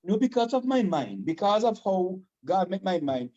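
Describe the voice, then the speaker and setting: A man with a Vincentian accent, from Saint Vincent, chatting casually as a guest, animated, proud and fast-talking. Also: high-pitched, muffled recording. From Saint Vincent and the Grenadines. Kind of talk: casual chat.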